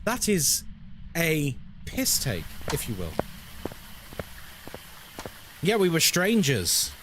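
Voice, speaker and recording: A male streamer chatting to his viewers in a joking, sarcastic, rambling way, with a lively, swooping voice pitched somewhat high. Faint background noise sits under his talk. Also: slow. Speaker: live streamer. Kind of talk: casual live-stream chat.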